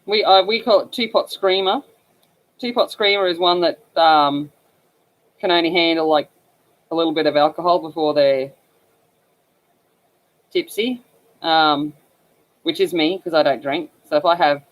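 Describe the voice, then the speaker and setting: A woman with an Australian accent hosts a casual livestream, chatting to viewers about slang as she colors. Her voice is low and a little slow, with frequent pauses, and the recording quality is poor.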